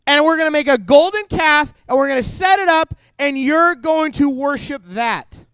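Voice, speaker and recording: A man voicing Aaron as a bossy male leader loudly giving orders. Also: very high voice, animated, normal speed, vocal fry, dry recording, voice pushed up, heavily acted.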